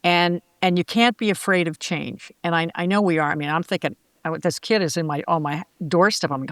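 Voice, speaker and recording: An older woman, a former sportscaster, telling lively anecdotes as an interview guest and acting out the voices she quotes. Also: on the low side, brisk, hardly any pauses, no room sound. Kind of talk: casual interview storytelling.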